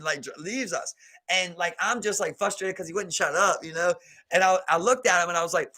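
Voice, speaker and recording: A man's voice: fairly quick, breathy edge. A man with a Baltimore accent telling a story on a casual podcast, acting out the people in it and swearing freely. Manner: animated, acts out quotes in a low voice, swears freely. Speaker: podcast co-host.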